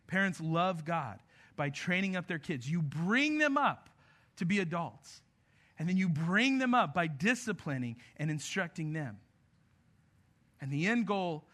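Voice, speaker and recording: A man preaching a sermon to parents, earnest, moving between emphatic lines and soft, intimate passages. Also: on the high side. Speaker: pastor.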